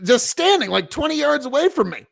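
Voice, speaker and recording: Host, male, from Nebraska. Rambling, swears constantly, high gravelly voice, close dry sound. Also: very animated, fairly quick, a bit bright, dry recording. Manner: profane, rambling storyteller. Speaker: podcast host. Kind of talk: casual chat.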